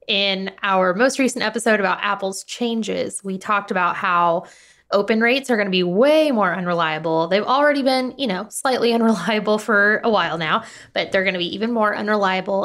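A woman's voice: medium pitch, fairly bright tone. A woman co-hosting a podcast in casual chat, supportive and explaining things plainly. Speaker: podcast co-host.

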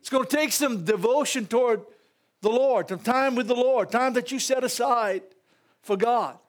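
A male pastor with a Louisiana Southern accent, preaching a sermon in a church with animated call-outs and laughing asides to the congregation. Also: very high-pitched, moderate pace.

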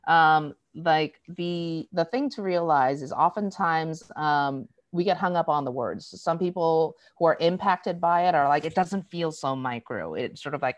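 An American diversity educator, interviewed as a guest, explains ideas casually in a low voice with no echo. She tells animated stories, acting out everyday quoted exchanges, and peppers her conversational explanation with frequent "um"s and "right?"s.

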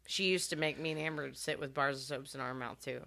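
A woman's voice: sits low, quick pace, creaky, a bit bright. A woman co-hosting a podcast, chatting casually and reading out a countdown list, blunt and joking with casual swearing. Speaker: podcast co-host.

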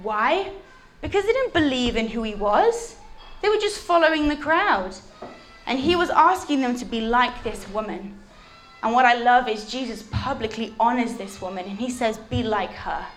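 A woman preaching a sermon with lively, animated storytelling. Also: fairly high pitch, moderate pace, faint music behind.

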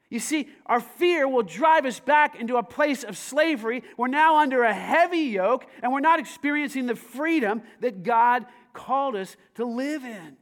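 A man preaching a sermon to a congregation, swinging from hushed asides to loud, emphatic calls. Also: very high voice, animated, a little slow, few pauses. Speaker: pastor.

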